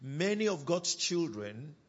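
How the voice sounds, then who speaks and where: A man's voice: on the high side, very animated, dull audio. A man preaching a sermon, reading scripture and repeating his key points with emphasis. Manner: emphatic repetition, slow deliberate phrasing.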